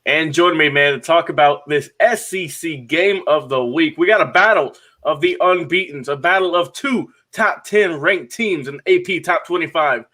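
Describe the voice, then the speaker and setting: A man's voice: fairly high pitch, moderate pace, few pauses, bright, forceful tone. A young man co-hosting sports talk radio as producer, with an upbeat, hype-man delivery.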